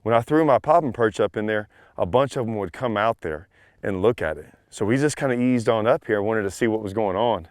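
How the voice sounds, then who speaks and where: A man, a fishing show anchor, talking excitedly and out of breath on a boat outdoors. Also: fairly low pitch, brisk, dry recording, clean studio sound. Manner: excitable, shouting with joy. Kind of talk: excited on-camera fishing talk.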